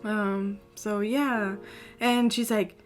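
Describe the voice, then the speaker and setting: A woman's voice: mid-range voice, fairly even intonation, extremely slow, faint music behind. A young woman co-hosting a podcast, telling a long story in casual chat with many fillers. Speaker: podcast co-host.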